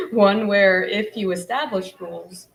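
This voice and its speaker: A woman's voice: medium pitch, sing-song, takes it slowly, vocal fry, rough recording. A woman author speaking lightly and giggling on a convention panel. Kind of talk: casual panel chat.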